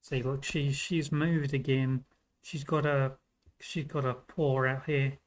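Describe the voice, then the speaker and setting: A man's voice: mid-range voice, flat delivery, takes it slowly, low-quality recording. A man from Britain with a British accent, chatting casually and self-mockingly on a game livestream, swearing now and then. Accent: British English. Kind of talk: casual gaming stream chat.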